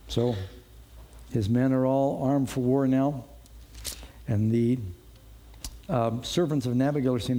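Husky, mellow-voiced male preacher. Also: medium pitch. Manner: conversational, asks the listeners rhetorical questions. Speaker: pastor. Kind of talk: expository sermon.

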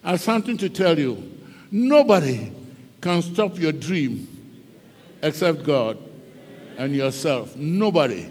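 Animated preacher in an echoing hall. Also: male voice, fairly high pitch, unhurried, long pauses, husky. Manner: dramatic storytelling, switching between English and Twi. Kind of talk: sermon.

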